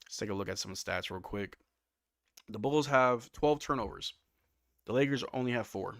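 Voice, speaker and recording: Relaxed man calling a game live. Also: lowish voice, moderate pace, creaky, long pauses, no room sound, studio quality. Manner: relaxed, reads stats and replies to chat. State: yawning, sleepy. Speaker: live stream watch-along host. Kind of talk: casual play-by-play commentary with chat.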